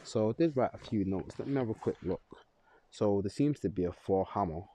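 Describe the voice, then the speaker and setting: Low, dark-voiced man. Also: animated, fairly quick. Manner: rambling, chuckling, loose, self-correcting. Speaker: astrology vlogger. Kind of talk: casual astrology talk to camera.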